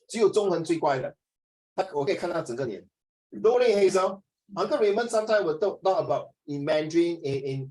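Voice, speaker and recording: A middle-aged man with a Singaporean English accent teaching an online class in an animated, teasing way, slipping into Mandarin. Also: on the high side.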